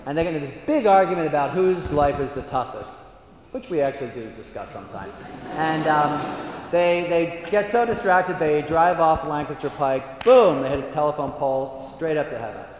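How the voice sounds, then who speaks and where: A male priest in a big hall tells jokes in a chatty, animated style with plenty of fillers. His voice sits a bit high, and it rings with a long hall reverb over faint background ambience. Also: normal speed, slight background noise. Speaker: priest speaker. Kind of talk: humorous talk with jokes.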